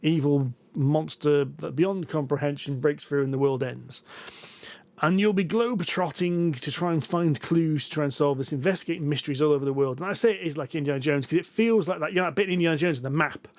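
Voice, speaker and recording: A man's voice: a little high, fairly quick, a little mellow, dry recording. A man, co-hosting a board game podcast, chatting casually and telling stories with self-deprecating rambling. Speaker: podcast co-host. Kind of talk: casual chat about board games.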